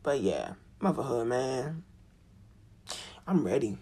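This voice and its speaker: A woman chatting casually about motherhood, candid and profane, with a very raspy voice and animated, slangy asides. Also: a bass voice, slow pace. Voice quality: very raspy, husky. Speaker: mom telling stories about parenting. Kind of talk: casual storytelling chat.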